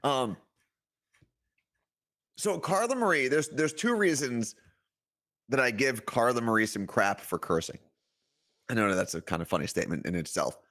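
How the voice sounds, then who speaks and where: A middle-aged man with a New Jersey accent co-hosts a relaxed podcast. His voice rises and falls a lot as he tells stories and plays out little quotes in character. He sounds conversational and unscripted. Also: mid-range voice, normal speed, long pauses. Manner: animated storytelling, acts out quotes. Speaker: podcast co-host. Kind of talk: casual chat.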